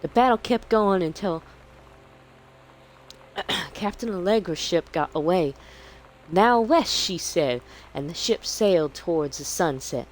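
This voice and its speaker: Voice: mid-range voice, expressive, unhurried, a little hiss or hum, voice pushed up, natural voice, low-quality recording. A streamer reading a child's adventure story in a put-on Southern belle accent, with a lilting storybook delivery. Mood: storytelling. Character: young girl's story told in a Southern belle voice.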